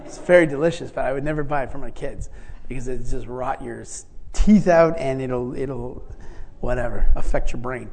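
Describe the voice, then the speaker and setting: A man's voice: mid-range voice, normal speed, a little mellow. A male preacher telling stories in a rambling sermon, often restarting and chuckling as he talks. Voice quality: gravelly. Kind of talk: sermon storytelling. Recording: long reverb in a large hall.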